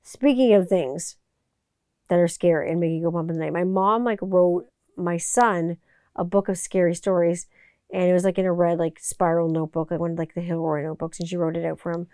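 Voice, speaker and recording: A woman's voice: fairly low pitch, steady tone, a little fast, warm tone, smooth, no echo, studio quality. A woman hosting a podcast in a casual, rambling monologue, full of "like" and "you know.". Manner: rambling, filler-heavy. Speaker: podcast host.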